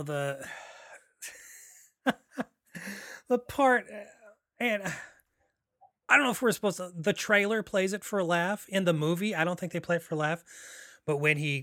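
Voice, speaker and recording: A man hosts a podcast in loose film chat, his voice sitting a bit high for a man. He rambles, circles back and gets excited as he goes. The sound is dry and close. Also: no echo. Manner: rambling, excitable, many fillers and restarts. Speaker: podcast host. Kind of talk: casual film discussion.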